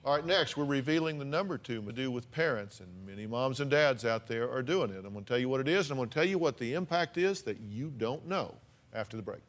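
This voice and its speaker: A man's voice: medium pitch, expressive, quick pace. A man hosting an advice talk show, earnest and prone to repeating words as he starts a thought.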